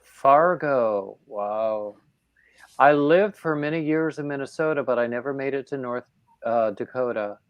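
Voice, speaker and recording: A man chats slowly and at an easy, unhurried pace as he hosts a livestream. He rambles, with plenty of fillers and restarts, at a middling pitch. His voice is close and dry, with no room sound. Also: clear, resonant tone, dry recording, lo-fi sound. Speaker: livestream host. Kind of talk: casual chat on a livestream.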